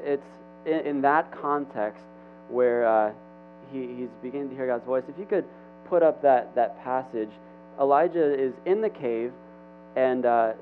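A young man giving a casual, chatty sermon to a room, talking in halting bursts with restarts and asides. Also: medium pitch. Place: church hall with an audience. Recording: tinny phone-like recording with hum.

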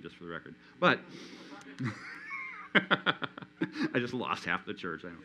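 A man preaching a sermon in a church, animated, acting out the inner voices of his listeners. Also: medium pitch, rough recording. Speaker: pastor.

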